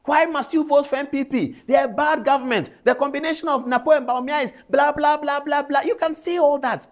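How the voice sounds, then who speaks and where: A man's voice: very high voice, a little fast, hardly any pauses. A man presenting on television, indignant and calling people out directly by name. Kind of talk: studio commentary.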